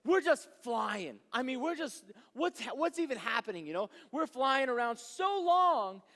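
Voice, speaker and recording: High-voiced youth pastor in a reverberant hall. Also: male voice, a little slow. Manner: animated, rambling, with constant asides like "right?". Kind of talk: storytelling sermon. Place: church youth service hall. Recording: long reverb of a large hall.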